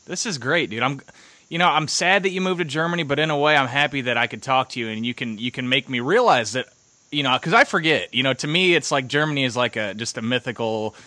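A young man from the United States hosts a podcast with easygoing, joking chat. His voice is bright at a middle pitch, recorded dry with no room sound. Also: quick pace, no room sound. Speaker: podcast host. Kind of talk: casual chat.

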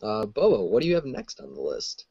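A man's voice: on the low side, wildly swooping pitch, brisk, vocal fry, dark tone, slightly rough, dry recording. A man co-hosting a podcast, keeping the talk going in an easygoing way. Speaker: podcast co-host. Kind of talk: casual chat. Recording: dry muffled sound.

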